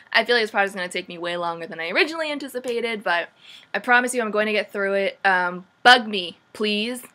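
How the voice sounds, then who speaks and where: A young woman vlogs a chatty book recap in a bright, forceful voice. She is sarcastic and animated, with a lot of "like". Her pitch sits mid-range for a woman. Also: brisk. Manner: sarcastic, says "like" often, animated. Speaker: vlogger.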